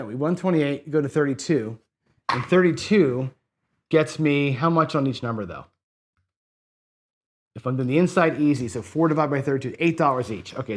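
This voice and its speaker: In this casino craps video, a male host with a fairly high, slightly bright voice works through bet math out loud, corrects himself, and chats with viewers. It's casual gambling commentary, with slight background noise.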